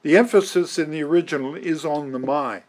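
A pastor with a voice on the high side and a little mellow preaches a sermon to his congregation. He is deliberate and emphatic, slipping in the odd dry aside.

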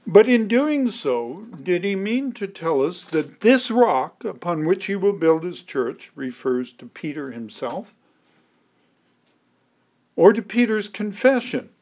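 A man preaching an expository sermon, deliberate and emphatic, quoting scripture aloud. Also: a little high, expressive, a little mellow. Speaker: pastor.

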